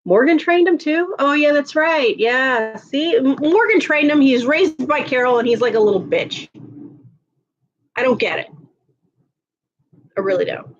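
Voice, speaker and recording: A woman's voice: sits high, lively intonation, unhurried, long pauses, muffled recording. A woman hosting a casual livestream, chatting with viewers, venting and laughing often. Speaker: livestream host reading chat.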